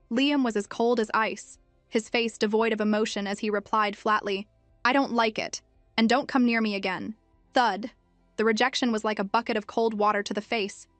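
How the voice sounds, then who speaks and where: A woman narrates a story recap in an even, measured way. Her voice sits a little high and sounds dry and close, with soft music playing underneath. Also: no room sound.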